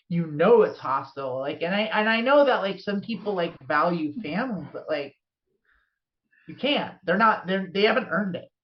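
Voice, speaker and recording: A podcast co-host talking in casual chat, heated and rambling, with many restarts. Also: female voice, fairly low pitch. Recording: dull lo-fi sound.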